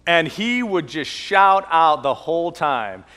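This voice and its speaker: Male pastor with a cold, animated sermon, long church-hall reverb. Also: a little high. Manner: lively preaching, slowing to stress key lines. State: has a cold.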